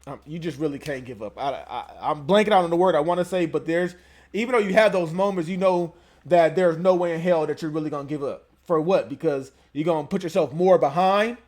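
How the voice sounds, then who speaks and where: Man, commentary host, laid-back, conversational, slightly high voice. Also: a little fast, darkish tone. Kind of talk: casual reaction commentary.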